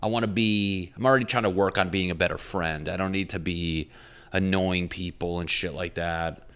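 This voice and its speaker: A man with a deep, low voice hosts his own podcast and rambles into the microphone. He thinks out loud, swears freely and circles back on himself as he talks it through. It sounds like a loose, candid solo monologue. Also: steady tone, normal speed, clean tone. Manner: rambling, profane, self-reflective. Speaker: comedian and podcast host.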